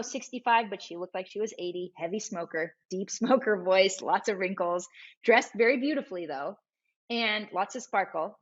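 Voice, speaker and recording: A woman guest on a podcast interview, telling a personal story with lively, acted-out dialogue. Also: medium pitch, highs cut off. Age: adult, mother of school-age boys. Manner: animated storyteller who acts out quoted dialogue. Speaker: entrepreneur guest.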